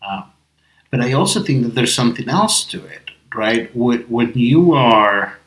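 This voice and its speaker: A man's voice: mid-range voice, animated, a little slow, fairly bright tone. Man podcast co-host, non-native English speaker, earnest, reasoning aloud, echoey room. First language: not English. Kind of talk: casual discussion.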